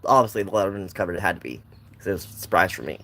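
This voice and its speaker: A man's voice: low-pitched, expressive, racing, vocal fry, bright, forceful tone. A young man telling a personal story in a casual, rambling way, with lots of restarts and side notes. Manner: rambling, with many restarts and asides.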